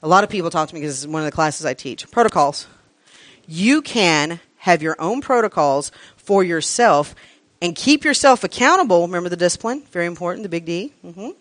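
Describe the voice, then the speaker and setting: A woman's voice: on the low side, animated, a little fast, no room sound. A woman teaching a live class to an audience, frank and profane, hammering points home with repeated lists. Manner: emphatic, repeats lists for effect. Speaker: workshop teacher.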